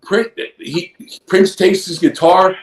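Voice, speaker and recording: A man in his fifties who once wrestled professionally sits in as a guest and slowly works through a rambling, profane story. His voice sits high with a steady tone. Echo fills the room he's recorded in.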